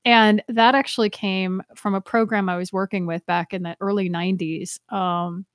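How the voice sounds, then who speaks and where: A woman's voice: medium pitch, fairly even intonation, normal speed, no room sound. A woman in her fifties, a diver educator, talks animatedly in an interview, laughing often. She trails off, restarts and circles back. Her voice sits in a middle register, recorded dry and close with no room sound. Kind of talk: casual interview chat.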